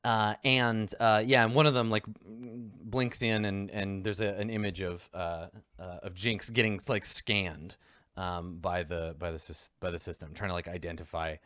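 A man's voice: low-pitched, steady tone, normal speed, a bit bright, dry recording, studio quality. A man narrating as game master of a tabletop role-playing game, rambling with lots of fillers.

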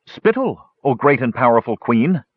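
A man voicing a simple, eager male gully dwarf in an audiobook, in a squeaky, earnest voice. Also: very animated, normal speed, breathy edge, dry recording. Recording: dull lo-fi recording.

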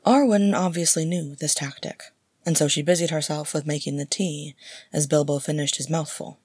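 A woman reading a story aloud in a steady storytelling manner, close to the mic. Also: low voice, moderate pace, husky, no echo. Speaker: audiobook narrator. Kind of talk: fan fiction reading.

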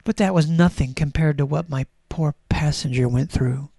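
A woman's voice: deep voice, moderate pace, mellow, dry recording. A woman reading aloud the diary of a grieving wheelchair, in a mock-tragic manner. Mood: mournful. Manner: mock-tragic, breaking into giggles. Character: grieving melodramatic wheelchair, lamenting.

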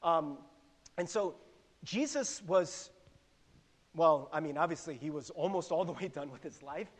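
Animated preacher in a reverberant hall. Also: male voice, on the high side, a little slow. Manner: conversational, animated, laughs often, asks the congregation questions. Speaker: pastor. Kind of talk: sermon.

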